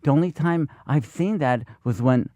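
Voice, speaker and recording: A man with a slightly high voice speaks as a podcast guest, eager and rambling, quoting lines as he talks. The recording is dry and close-miked. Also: moderate pace, dark tone, no room sound. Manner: eager, rambling, quotes scenes. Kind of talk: enthusiastic film talk.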